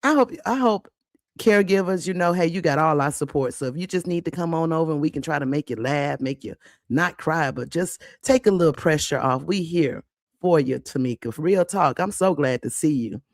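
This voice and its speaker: A woman's voice: sits low, lively intonation, fairly quick, a little mellow, dry recording, studio quality. A woman hosting a casual livestream, chatty and blunt with salty slang, greeting viewers by name. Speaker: livestream host.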